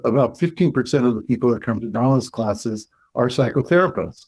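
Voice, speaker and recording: A clinical psychologist, a man appearing as an interview guest, tells a story in a measured, reflective way, pausing and restarting as he thinks. His voice sits at medium pitch with a darkish tone, and the audio quality is poor.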